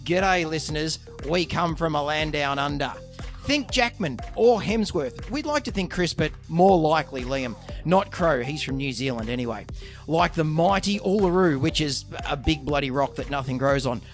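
A man's voice: a little high, lively intonation, moderate pace, soft background music. A man with an Australian accent, a veterinarian guest who jokes through a scripted intro and rambles playfully in casual chat. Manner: playful banter, rambling with fillers.

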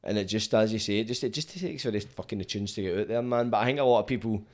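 A man's voice: on the low side, very fast. A young Glaswegian man hosting a casual chat, blunt and full of swearing. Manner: sweary, blunt, laughs often. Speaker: podcast host.

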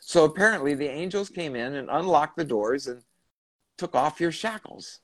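A man's voice: a little high, lively intonation, normal speed, no echo. A man hosting a spiritual podcast, earnestly recounting a channeling session and restating his questions. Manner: earnest, retelling and rephrasing questions. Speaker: podcast host.

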